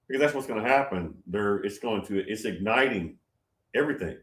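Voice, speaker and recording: A man's voice: fairly low pitch, moderate pace, fairly bright tone, roomy sound. A man hosting a prophetic livestream, talking casually and reading viewer comments, rambling and repeating himself with emphasis.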